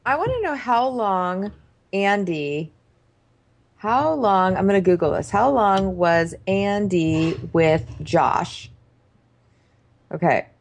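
A woman co-hosting a comedy recap, deadpan and mocking. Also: mid-range voice, takes it slowly, gravelly, pauses often. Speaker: podcast co-host.

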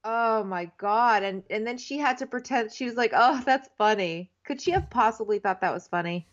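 A woman's voice: fairly high pitch, normal speed. A woman co-hosting a casual comedic TV recap, telling the story in a chatty, incredulous way. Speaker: podcast co-host. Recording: dull lo-fi sound.

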